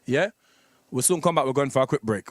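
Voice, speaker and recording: A man's voice: medium pitch, lively intonation, a little fast, dry recording. A man hosting a radio entertainment news show, chatting playfully and loosely with frequent restarts. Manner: playful, loose and rambling, with many restarts and laughs. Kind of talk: casual entertainment news chat.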